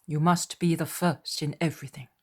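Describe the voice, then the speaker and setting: A woman voicing a gentle but firm spiritual teacher who speaks with fatherly, authoritative tenderness. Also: low-pitched, steady tone, moderate pace, husky. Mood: tender.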